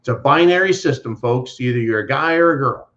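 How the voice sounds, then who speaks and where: A man's voice: medium pitch, expressive, brisk, fairly bright tone. A man hosting a live stream, ranting bluntly and profanely while reading viewer messages. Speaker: livestream host. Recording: dull lo-fi stream audio.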